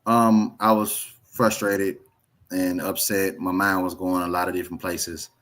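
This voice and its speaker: Low-voiced man talking haltingly. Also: level tone, fairly bright tone. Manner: halting, repeats words while searching for them. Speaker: guest. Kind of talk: casual conversation.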